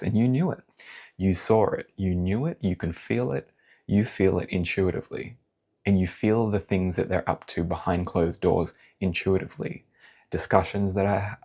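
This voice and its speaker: A man doing a pick-a-card tarot reading, talking in a blunt, animated, casual way and swearing now and then. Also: sits low, normal speed, breathy edge.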